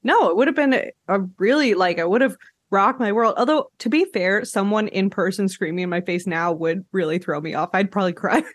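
A woman hosting a podcast, chatting casually about a reality show, animated and often laughing. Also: a little fast, no echo. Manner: animated, laughs often, acts out quotes in high voices. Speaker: podcast host.

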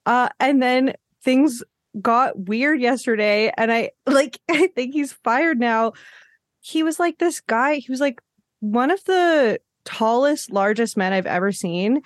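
A woman hosting a casual podcast chat, telling animated stories and acting out what people said, often laughing as she goes. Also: fairly high pitch, takes it slowly, no room sound, studio quality. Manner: animated storyteller, acts out quotes with laughs. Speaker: podcast host.

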